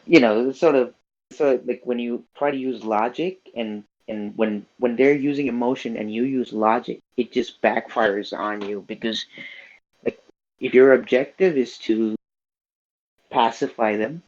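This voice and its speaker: A man from outside the US takes part in a casual podcast chat, halting and restarting as he searches for his words. His voice sits in a middle pitch. The sound is dull and lo-fi. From not from the US. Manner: hesitant, many fillers and restarts.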